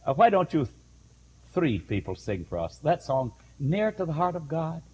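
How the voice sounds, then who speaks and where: A man's voice: a little high, very animated, normal speed, a little mellow, breathy edge, low-quality recording. An older man preaching, telling folksy stories and chuckling between anecdotes. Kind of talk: storytelling sermon.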